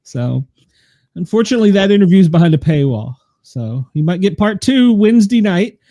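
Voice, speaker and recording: A man's voice: sits high, very animated, normal speed, warm tone, no echo, studio quality. An older man hosting a chat show, telling rambling stories and laughing often. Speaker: podcast host. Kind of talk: casual chat.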